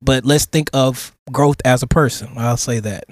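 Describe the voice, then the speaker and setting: A man in his thirties co-hosting a casual podcast, telling a story in an animated, slangy way and getting emotional. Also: medium pitch, normal speed, no room sound, studio quality. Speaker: podcast co-host. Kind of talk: casual chat.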